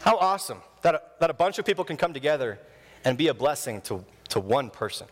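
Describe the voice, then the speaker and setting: Animated pastor in an echoing church. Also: male voice, mid-range voice, fast, noisy background. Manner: animated storytelling, acting out quoted voices. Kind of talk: sermon. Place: church sanctuary.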